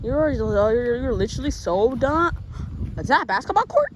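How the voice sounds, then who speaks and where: A woman's voice: fairly high pitch, big pitch swings, moderate pace, a little hiss or hum, poor audio. A woman giving playful, dramatic commentary on a game video, giggling, squealing and bossing her friend around. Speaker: gaming video creator.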